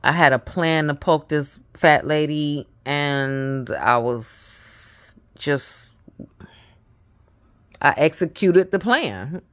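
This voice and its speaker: A woman telling a personal story in a halting, casual way, repeating herself and dropping into mutters. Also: low voice, fairly bright tone.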